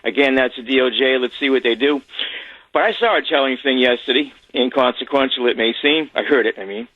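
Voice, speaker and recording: A man's voice: medium pitch, animated, a little fast, dry recording. A man calling in to a radio show, rambling and cynical, heard over a phone line. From Massachusetts. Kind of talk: call-in commentary.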